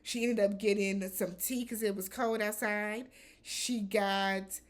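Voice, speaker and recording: A woman hosting a casual reality TV recap, talking in a blunt, animated way with some swearing. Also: medium pitch, slow.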